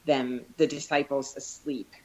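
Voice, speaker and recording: A woman's voice: very deep voice, little pitch movement, a little slow, dark tone, highs cut off, a little hiss or hum. A woman talking casually and earnestly on a podcast, retelling scenes with feeling and often restarting her phrases. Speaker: podcast co-host. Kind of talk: casual discussion on faith.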